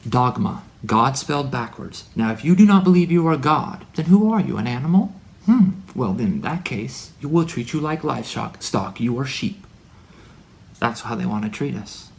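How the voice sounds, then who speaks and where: A religious man delivers a rambling spiritual monologue to his son, preachy and full of wordplay. His medium-pitched, creaky voice is expressive at a moderate pace, swinging from loud declarations to hushed asides.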